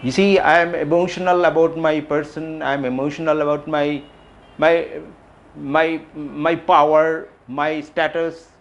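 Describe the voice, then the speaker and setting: A middle-aged man giving a reflective public talk, asking questions and repeating phrases with frequent pauses. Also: fairly high pitch, fairly even intonation, dull audio. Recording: faint background noise.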